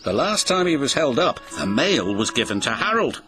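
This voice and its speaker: Expressive man reading a children's story. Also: mid-range voice, normal speed. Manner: expressive, sing-song storytelling. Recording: music behind the voice.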